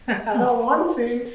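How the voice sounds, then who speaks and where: A woman's voice: a little high, very echoey, background noise. A Nigerian woman playing a playful young friend who teases and laughs in a film scene. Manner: teasing, laughing. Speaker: teasing friend.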